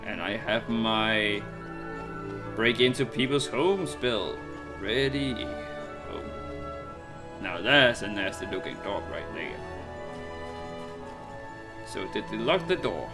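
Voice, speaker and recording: A man's voice: on the low side, lively intonation, slow pace, long pauses. A man giving dry, sarcastic asides while playing a video game, with game music behind him. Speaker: let's play host. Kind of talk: wry gameplay commentary.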